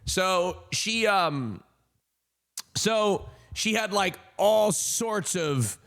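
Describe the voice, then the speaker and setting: A young man streaming, telling a rambling casual story with sudden high joking outbursts. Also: expressive, drawn-out words, fairly bright tone.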